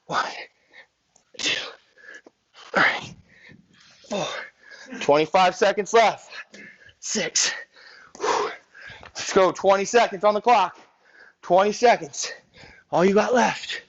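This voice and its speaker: A man coaching a live workout, out of breath as he counts reps, whoops encouragement, then calmly talks through breathing and stretches. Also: high-pitched, unhurried, long pauses, lo-fi sound. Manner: energetic cheering and counting reps, then calm cool-down cues. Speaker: fitness coach.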